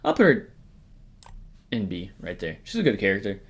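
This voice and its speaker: A man's voice: lowish voice, big pitch swings, moderate pace. Profane rambling man ranking characters. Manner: rambling, profane, jokey, drifts into mumbles and whispers. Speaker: host. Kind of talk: casual tier-list commentary.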